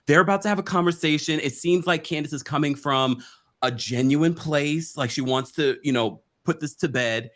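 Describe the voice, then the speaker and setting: A man's voice: a little high, moderate pace, fairly bright tone. A man hosting a casual online recap chat, jumping between topics and repeating words as he talks. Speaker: host.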